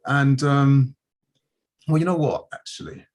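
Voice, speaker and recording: A man's voice: mid-range voice, steady tone, a little slow, darkish tone. A man hosting a community news livestream, chatting casually and telling stories with plenty of fillers and restarts. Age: adult, married.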